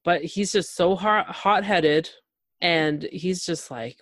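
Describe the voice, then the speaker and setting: A woman hosting a casual TV recap chat, animated and gushing, acting out quotes from the show. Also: fairly low pitch, slow, dry recording. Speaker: podcast host.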